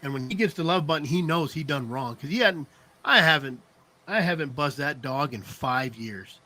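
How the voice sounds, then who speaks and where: A man's voice: fairly high pitch, lively intonation, normal speed, pushed and bright. A middle-aged man telling rambling stories in casual chat, laughing often and checking in with "you know what I mean". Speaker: podcast co-host.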